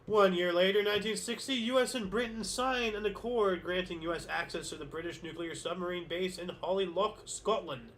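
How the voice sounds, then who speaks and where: High-voiced man musing over history dates. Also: fairly quick, hardly any pauses, a bit bright, a little hiss or hum. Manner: reads headlines then muses aloud, many fillers and self-corrections. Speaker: host of a daily history show. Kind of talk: casual reading of historical dates with asides. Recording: faint background music.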